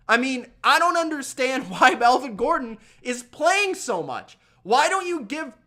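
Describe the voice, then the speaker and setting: A young man ranting in an animated, exasperated way while recapping football games. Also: very high voice. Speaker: sports commentator.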